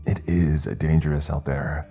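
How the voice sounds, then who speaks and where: A firm, frightened young woman, given voice by a male narrator in a horror story. The delivery is low, dark and husky. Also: little pitch movement, soft background music. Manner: firm, quick.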